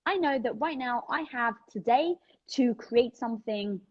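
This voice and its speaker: A woman's voice: a little high, expressive, unhurried, muffled recording. A woman with a British accent hosting a casual livestream from home, chatting energetically and candidly as she answers viewer questions. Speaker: host of a livestream. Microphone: phone livestream.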